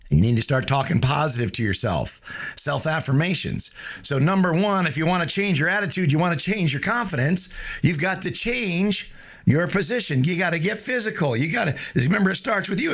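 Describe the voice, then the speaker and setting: A man's voice: on the high side, vocal fry. A man hosting a casual motivational talk, folksy and joking, with lots of fillers. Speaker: host of a motivational show. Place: streaming live.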